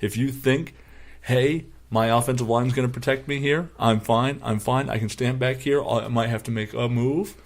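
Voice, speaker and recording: Animated, profane male sports storyteller. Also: medium pitch, normal speed. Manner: animated storyteller who acts out quoted friends loudly and profanely. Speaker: podcast co-host. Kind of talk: casual sports chat.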